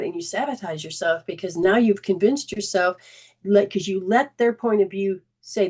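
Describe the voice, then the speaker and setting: A woman hosts a spiritual self-help talk in an earnest, conversational voice. She restarts her sentences and drops into quick acted-out snippets of dialogue. Her pitch sits in a typical middle range for a woman. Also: slightly rough. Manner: acts out remembered dialogue in lively quoted voices. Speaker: host and spiritual healing coach.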